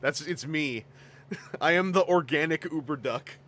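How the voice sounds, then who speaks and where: A man's voice: on the high side, a little slow, fairly bright tone. A man chatting casually on a livestream as host, rambling with lots of asides and frequent laughter. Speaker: toy collecting streamer.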